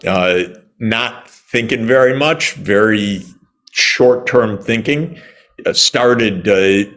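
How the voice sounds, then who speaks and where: A man in his sixties from the United States, answering interview questions in an emphatic, indignant way with sarcastic asides and many pauses. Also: mid-range voice, fairly bright tone. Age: 60s. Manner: frequent "uh" pauses and restarts. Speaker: economist interviewee.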